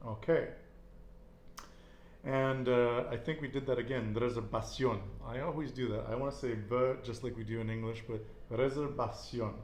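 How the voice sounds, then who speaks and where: A man's voice: mid-range voice, fairly even intonation, normal speed, a little mellow, reverberant, slight background noise. A man teaching a casual Spanish lesson, repeating each answer and praising it.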